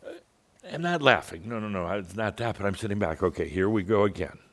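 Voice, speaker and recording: A man's voice: on the low side, lively intonation, fairly quick. A man giving a channeled spiritual talk in a theatrical, wry, teasing manner. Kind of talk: monthly spiritual gathering talk.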